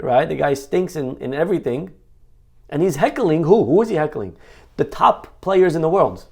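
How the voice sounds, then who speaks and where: A man giving a Torah lecture as a rabbi, an animated storyteller who asks rhetorical questions and acts out the quotes he tells. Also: on the high side, vocal fry.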